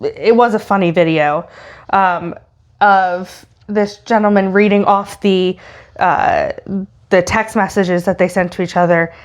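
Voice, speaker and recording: A woman co-hosting a podcast, talking casually and hesitantly with many pauses. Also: on the low side, steady tone. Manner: hesitant, many ums and uhs. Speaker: podcast co-host. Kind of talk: casual chat.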